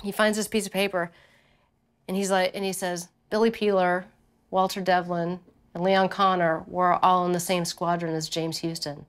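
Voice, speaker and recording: A woman's voice: fairly low pitch, normal speed, clean tone. A mother in an interview, telling a family story casually and acting out quotes. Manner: animated retelling with acted quotes.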